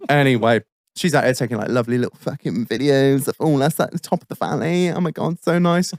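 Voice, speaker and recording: A man's voice: medium pitch, fast, darkish tone, dry recording, studio quality. A man, hosting a podcast and telling a long, rambling story full of swearing. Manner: swears constantly, rambling anecdotes with frequent laughs. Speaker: podcast host.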